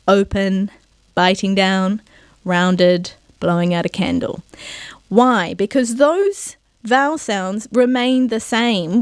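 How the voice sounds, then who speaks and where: A woman presenting a televised pronunciation lesson, sounding out vowels slowly and carefully and checking in with her viewers. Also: medium pitch, no echo. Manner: encouraging, asks "yeah?" to check in. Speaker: Māori language presenter.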